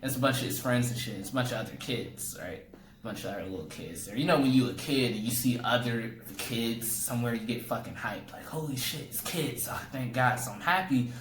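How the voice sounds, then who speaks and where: A young man spins a comic story in relaxed, casual talk, his voice lively and jumping up in pitch whenever he acts out someone else. He sounds like he is in an echoey room, with faint ambient noise behind him. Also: brisk. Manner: animated, jumps pitch to act out people in his story. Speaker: comedian.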